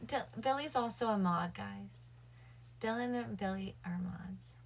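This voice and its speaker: A woman talks casually to her livestream chat late at night. She addresses her viewers directly and thinks aloud with plenty of fillers. Her voice sits at a middle pitch for a woman. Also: measured pace, creaky.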